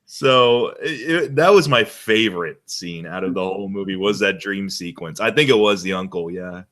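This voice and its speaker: A man's voice: sits low, unhurried, fairly bright tone. A man hosting a casual movie chat, laughing often and talking enthusiastically with lots of "like". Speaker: podcast host.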